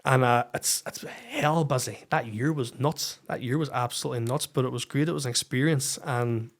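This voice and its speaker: A man's voice: mid-range voice, moderate pace. Northern irish guy on a podcast telling his own story, blunt, swears a lot, plain mid voice. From Northern Ireland. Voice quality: swears freely, frank and candid. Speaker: podcast guest. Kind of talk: personal storytelling in a podcast interview.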